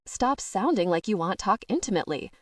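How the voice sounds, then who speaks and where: A woman's voice: medium pitch, lively intonation, brisk, no echo, clean studio sound, lightly acted. A woman voicing a prickly, guarded teenage vampire girl in an audiobook, curt and defensive. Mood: snappish.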